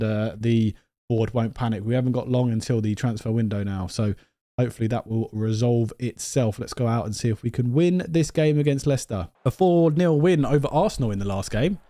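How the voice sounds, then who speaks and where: Mellow man, dry let's-play chatter. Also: medium pitch, a little fast, dry recording. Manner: chatty, thinks aloud and talks to himself, voice jumps up when exasperated. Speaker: gaming video host. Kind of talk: let's-play commentary over a football management game.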